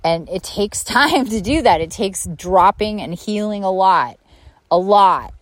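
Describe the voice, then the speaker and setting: A woman talks through a loose solo podcast as a spiritual coach, candid and blunt, with frequent laughs and a few curse words. She sometimes slips into a high mocking voice to imitate people. Her voice sits at a middle pitch and sounds dry, close and with no room around it. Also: expressive, unhurried, dry recording, low-quality recording. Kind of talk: impromptu solo podcast monologue. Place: outdoors by a pond at her home.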